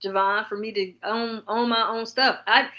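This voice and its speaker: A woman hosts a casual chat with a high, bright voice. She answers briefly and laughs along with her guest. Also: fairly even intonation. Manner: quick agreeing replies, laughs along. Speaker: host.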